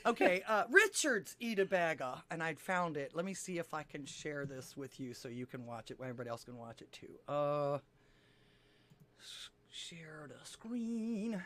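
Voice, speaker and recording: A man's voice: on the high side, expressive, fairly quick, hardly any pauses, a bit bright. A man chatting casually and telling a dirty joke, rambling, laughing often and acting out the voices.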